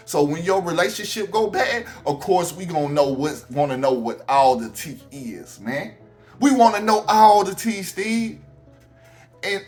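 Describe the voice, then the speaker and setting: Ranting Alabama man over faint music. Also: fairly high pitch. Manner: animated, repetitive, addresses the subject directly. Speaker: YouTube commentator. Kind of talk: ranting commentary vlog.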